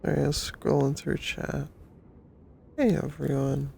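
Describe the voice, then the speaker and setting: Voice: mid-range voice, little pitch movement, unhurried, vocal fry, mellow, a little hiss or hum. A livestreamer in sleepy, teasing casual chat, greeting viewers.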